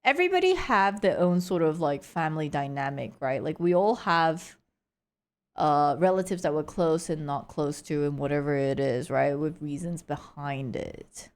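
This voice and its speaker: A young woman streamer chats loosely in a low-pitched voice with lively intonation at a moderate pace. She's giggly and talkative, packing her speech with "like" and other fillers and laughing frequently.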